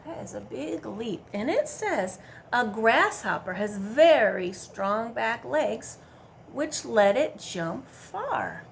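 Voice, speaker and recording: Children's librarian, woman, Midwestern American, high voice with a bit of fry, big swoops in pitch. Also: slow, a little hiss or hum. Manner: animated, coaxing kids to join in and count. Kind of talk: children's storytime reading. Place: public library.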